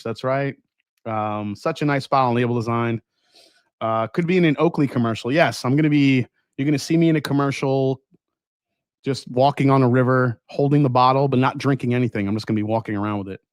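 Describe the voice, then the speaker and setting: A man hosting a casual whiskey livestream, reading viewer comments aloud and chatting in a relaxed, enthusiastic way. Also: medium pitch, no echo, clean studio sound. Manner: relaxed, enthusiastic, laughs often. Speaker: whiskey channel host. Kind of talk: casual livestream chat, reading super chats.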